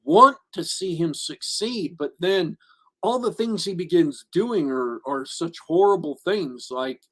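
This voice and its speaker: A man's voice: on the high side, lively intonation, measured pace. A man co-hosting a podcast, reviewing a movie in casual chat. He rambles with many restarts and fillers and gets emphatic when he gives his opinions. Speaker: podcast co-host.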